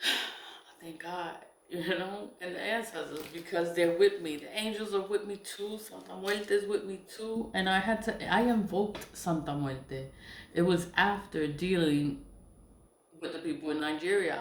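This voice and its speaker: A woman in a rambling personal monologue, emphatic and repetitive, swearing at times and trailing off with soft laughs. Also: fairly low pitch, creaky, a little hiss or hum. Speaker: spiritual vlogger. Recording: roomy echo.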